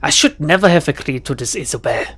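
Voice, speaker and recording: A streamer voicing a weary, bitter female hacker in her twenties, using a shaky put-on German accent and a curt, sharp delivery. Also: mid-range voice, big pitch swings, moderate pace, slightly rough. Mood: resentful. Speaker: game character read aloud. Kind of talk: reading game dialogue aloud.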